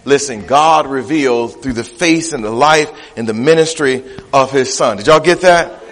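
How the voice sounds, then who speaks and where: A man preaching a sermon as pastor, emphatic and repetitive, rising to shouts. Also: medium pitch, moderate pace, big-room sound. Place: church.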